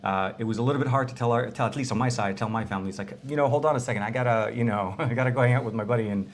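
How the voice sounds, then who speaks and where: A man co-hosting a casual tech podcast from a small cozy room, chatty and quick to laugh. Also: medium pitch. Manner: chatty, laughs often, many restarts. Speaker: podcast co-host.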